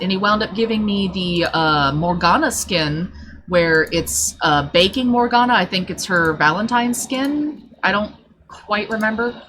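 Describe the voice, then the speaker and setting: A woman streamer chatting at her desk mic, swearing freely and talking in a blunt, animated way. Her pitch sits in the middle of the range, with a faint hiss of noise underneath. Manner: blunt, profane, animated storytelling. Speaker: livestreamer. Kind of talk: casual storytelling chat on a live stream.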